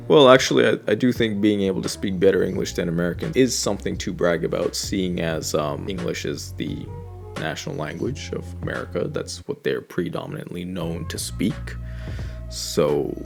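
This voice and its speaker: A man's voice: on the low side, gravelly, a little mellow. A man giving blunt, ranting reaction commentary on online comments and swearing freely.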